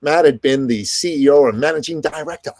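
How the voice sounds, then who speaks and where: Animated, fast-talking man telling stories. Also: on the high side, slight background noise. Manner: animated, fast storytelling with quoted dialogue. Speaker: podcast host and business coach, guest. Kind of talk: storytelling in an interview.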